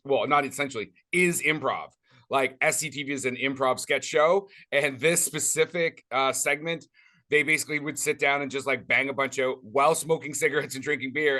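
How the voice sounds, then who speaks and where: A man hosting a movie podcast in casual chat, rambling with many restarts and quick to laugh. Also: medium pitch, bright, forceful tone. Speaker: podcast host.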